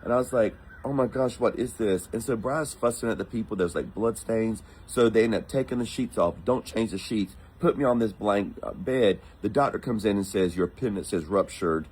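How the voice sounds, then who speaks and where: A man from the United States telling a personal story in a casual, animated way, acting out the voices of the people in it. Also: on the low side, moderate pace, hardly any pauses, slightly rough, poor audio. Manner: animated, acts out quoted voices.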